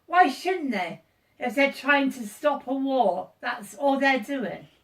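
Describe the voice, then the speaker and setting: A woman's voice: high-pitched, big pitch swings, slow. A woman chatting casually in a vlog, emphatic and often cutting in. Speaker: vlogger. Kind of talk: casual chat.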